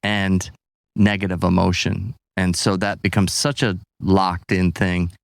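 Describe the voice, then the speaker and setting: Man with a really deep voice explaining stuff calmly, dry sound. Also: a little slow, vocal fry, no room sound. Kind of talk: casual explanatory chat.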